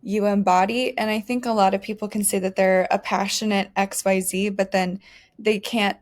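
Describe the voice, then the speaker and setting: A woman's voice: medium pitch, level tone, moderate pace. Enthusiastic woman podcast co-host. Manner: enthusiastic and effusive. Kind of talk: interview questions and praise.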